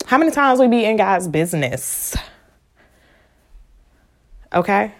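A woman giving casual motivational talk, frank and animated with lots of profanity, sometimes dropping into a hushed whisper. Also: medium pitch, unhurried, long pauses. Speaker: vlogger and spiritual speaker.

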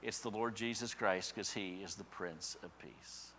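Male pastor, bright forward tone, preaches with swelling emphatic peaks and hushed drops. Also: on the low side, unhurried, slight background noise. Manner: builds to loud emphatic peaks, then drops soft. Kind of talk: sermon.

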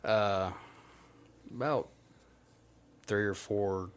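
A man's voice: lowish voice, steady tone, extremely slow, smooth. A young man telling a long, rambling, profanity-laced story to friends on a casual podcast. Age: young adult. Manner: profane, rambling anecdote with quoted dialogue. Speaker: podcast host.

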